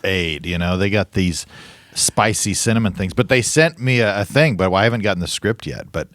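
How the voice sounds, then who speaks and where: A man co-hosting a podcast in a relaxed, rambling way full of fillers. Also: low-pitched, moderate pace, dry recording, clean studio sound. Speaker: podcast co-host. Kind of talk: casual chat.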